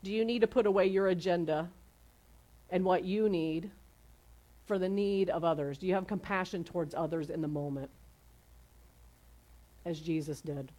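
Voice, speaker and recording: A woman's voice: on the low side, moderate pace, long pauses, mellow. Casual, conversational woman preaching a sermon. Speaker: pastor.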